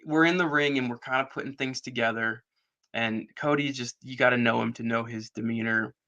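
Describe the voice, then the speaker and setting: A middle-aged man recounts a story as a podcast guest, slipping into other people's voices for quoted lines. His voice is bright and forceful, with a steady middle pitch. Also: a little fast, muffled recording. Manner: animated storyteller, acts out quoted dialogue. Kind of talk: casual storytelling interview.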